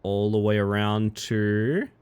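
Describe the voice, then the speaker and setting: A man live-streaming a game, reading chat aloud and joking, swinging between excited yelps and low mutters. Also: slow, clean tone. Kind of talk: casual live-stream chat while gaming.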